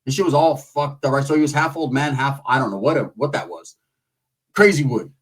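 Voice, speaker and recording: A man's voice: mid-range voice, fairly quick. A man telling profane stories in a laid-back, casual way. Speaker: storyteller. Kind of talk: casual storytelling.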